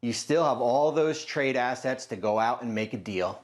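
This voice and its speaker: A man who is a basketball analyst, breaking down trades in an even, matter-of-fact studio commentary. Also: mid-range voice, normal speed.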